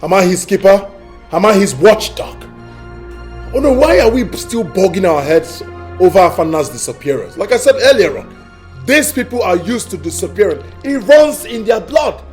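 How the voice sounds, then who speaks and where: An actor with a Nigerian accent playing an arrogant, scheming young prince who mocks others and craves the throne. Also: male voice, high voice, sing-song, normal speed, a little mellow, faint music behind. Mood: dismissive. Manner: mocking, dismissive and theatrical. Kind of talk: Nollywood film acting.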